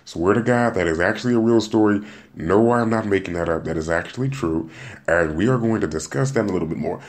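A young adult man with a deep voice speaks briskly while hosting a casual solo podcast. He jokes and rambles, often repeating words and restarting what he's saying.

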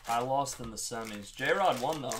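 A man's voice: medium pitch, moderate pace, noisy background. A young man with a Long Island accent hosting a live card-break stream, chatting casually with viewers by name while opening packs. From Long Island, New York.

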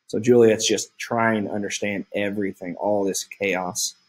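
Man, husky low voice, flat delivery, casual explainer at home. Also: moderate pace, few pauses, low-quality recording. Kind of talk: reading aloud with commentary.

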